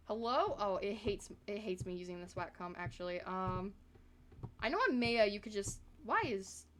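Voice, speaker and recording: A woman's voice: mid-range voice, a bit bright, slight background noise. A woman from the American South chatting casually on a live stream, rambling with lots of fillers.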